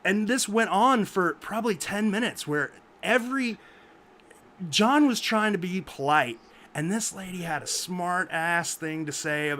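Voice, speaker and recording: A man's voice: sits high, a little slow. A man, co-host of a memorial podcast, telling a funny anecdote on a group video call and acting out what others said. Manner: animated anecdote telling, acts out quoted voices.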